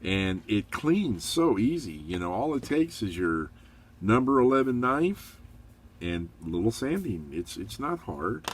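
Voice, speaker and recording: Deep-voiced middle-aged man, chatty hobby review. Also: measured pace, a little hiss or hum. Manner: relaxed, chatty, rambling with fillers; upbeat, encouraging. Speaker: model kit reviewer.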